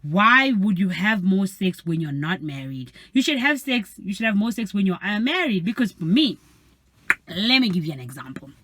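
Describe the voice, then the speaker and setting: A young woman vlogs from her parked car, chatting casually and telling stories in an animated way while imitating her friends' voices. She speaks at a normal speed with a mid-range voice.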